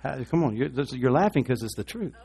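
A man's voice: medium pitch, big pitch swings, a little fast, creaky, a little mellow. A man preaching a sermon, asking the congregation to respond and acting out short voices. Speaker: pastor.

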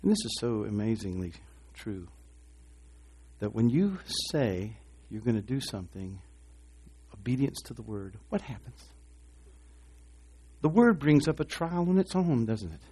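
A man's voice: on the low side, big pitch swings, measured pace, pauses often, dark tone, slight background noise. A man preaching a sermon, asking the congregation to respond and acting out short voices. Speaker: pastor.

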